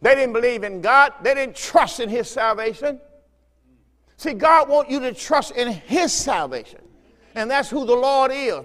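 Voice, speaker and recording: A man's voice: very high-pitched, animated, unhurried, a bit bright, big-room sound. A man preaching a fervent sermon as pastor, repeating phrases and urging his listeners on. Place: church sanctuary.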